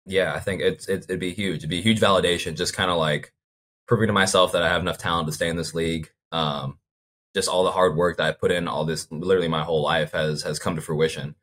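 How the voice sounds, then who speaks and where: A man's voice: low-pitched, steady tone, fast, fairly bright tone. A young man as an interview guest, talking in a laid-back way, full of fillers and "like". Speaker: guest athlete. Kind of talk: casual interview chat.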